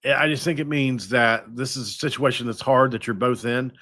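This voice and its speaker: A man hosting a sports podcast, talking casually and thinking out loud with frequent restarts. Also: medium pitch, steady tone, brisk, no room sound. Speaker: podcast host.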